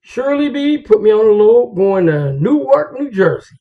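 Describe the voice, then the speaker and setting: A man's voice: high voice, big pitch swings, moderate pace. A man, a truck driver, telling stories and giving advice to fellow drivers in a casual, slangy, confiding way. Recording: dull lo-fi recording.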